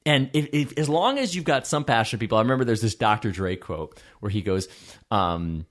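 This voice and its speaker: A man's voice: medium pitch, a little fast. A man in casual podcast chat, telling stories animatedly and acting out the dialogue. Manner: animated storyteller, acts out dialogue.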